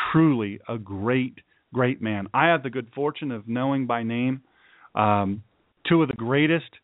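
A man's voice: mid-range voice, no echo. A male radio host giving an earnest, folksy, preachy monologue with emphatic repeated phrases. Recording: dry, tinny phone-like sound.

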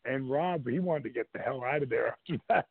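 A middle-aged man tells stories in a loose, animated way and slips into voices for the people he quotes. His voice sits at an average pitch. The sound is dry, thin and phone-like. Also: fairly quick, gravelly, breathy edge, no echo. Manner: animated anecdote-telling, acts out voices in quotes. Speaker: show host. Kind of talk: casual storytelling on a radio show.

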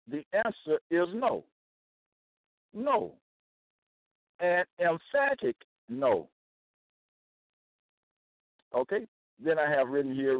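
Man, slow emphatic Bible teacher, higher voice, thin phone-like dry sound. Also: no echo. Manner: emphatic, repeats key phrases, checks in with listeners.

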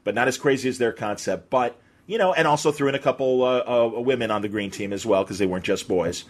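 A man's voice: medium pitch, quick pace. A male podcast host who talks casually and eagerly, rambling with many restarts. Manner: enthusiastic, rambling, lots of restarts and fillers.

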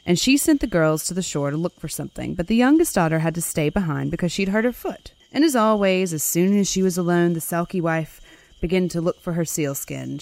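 Woman with a lively, swooping storytelling voice. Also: fairly low pitch, no room sound, rough recording. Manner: wry, irreverent asides. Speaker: podcast host. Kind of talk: comedic folklore storytelling.

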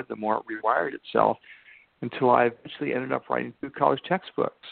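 An older man telling his story as a podcast guest, slowing down to stress key points. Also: mid-range voice, creaky, no echo. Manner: emphatic, slows down for key points. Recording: tinny phone-line sound.

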